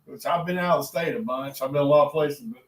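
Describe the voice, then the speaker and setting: A man's voice: fairly high pitch, fast talker, recorded from a distance, a loud crowd. A man with a Southern Alabama accent, talking easygoing and rambling as co-host of a live stream. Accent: Southern American, Alabama. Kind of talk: casual chat. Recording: echoey room, off-mic.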